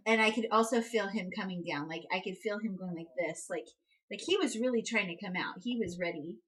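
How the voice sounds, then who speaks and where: A woman's voice: lively intonation, moderate pace, poor audio. A young woman vlogger casually telling a personal story, full of "like" and "um" fillers. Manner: chatty, many "like" and "um" fillers, reenacts quotes with high outbursts. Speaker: vlogger, new mother.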